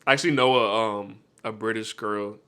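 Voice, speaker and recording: A young American man co-hosting a podcast, telling stories in an animated, casual way with lots of fillers. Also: on the low side, normal speed, clear, resonant tone. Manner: animated storyteller, many fillers. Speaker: podcast co-host. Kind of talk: casual chat.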